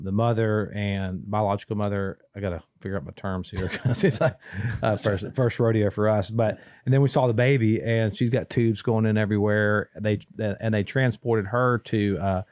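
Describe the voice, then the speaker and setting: Man, lowish voice, rambling story with restarts, casual podcast, dry studio sound. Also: fairly even intonation, normal speed, a little mellow, no room sound. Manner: rambling, many restarts and quoted dialogue. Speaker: guest telling a family story.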